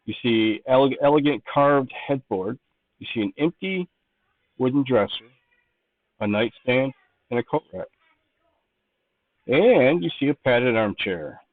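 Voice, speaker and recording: A man runs a tabletop game, describing each room as he thinks aloud about what the players can see. His voice comes through a narrow, tinny line with no room sound around it at all. He speaks at an everyday pitch. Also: animated, a little slow, long pauses, dry recording. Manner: descriptive, thinking aloud while setting scenes. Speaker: game master.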